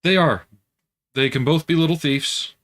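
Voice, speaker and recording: A man hosting a casual livestream, chatting in a relaxed way and answering viewer comments while he works at home. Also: on the high side, moderate pace. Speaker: livestream host building scale models.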